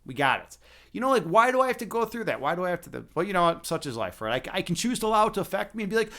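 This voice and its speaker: Lively chatty man on a livestream. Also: high-pitched, very fast. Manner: rambling, chatty, talks to viewers, swears now and then. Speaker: livestream host. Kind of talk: casual livestream chat.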